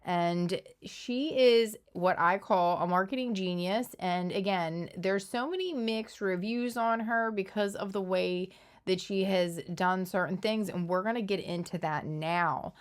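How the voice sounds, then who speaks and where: A woman's voice: medium pitch, a little slow, clear, resonant tone. A woman from Philadelphia with a Philadelphia accent, hosting a casual, opinionated commentary video. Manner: conversational, opinionated, analytical. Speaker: commentary channel host.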